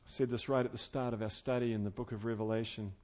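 A man preaching an expository sermon, earnest and conversational, swinging between loud fervent emphasis and quiet intimate tones. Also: medium pitch, steady tone, quick pace. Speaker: pastor.

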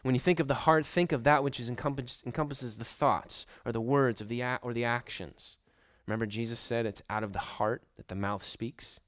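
A man preaching a sermon, emphatic and deliberate, stressing points by repeating short phrases. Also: medium pitch, fairly even intonation, fairly bright tone, no echo, studio quality. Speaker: pastor.

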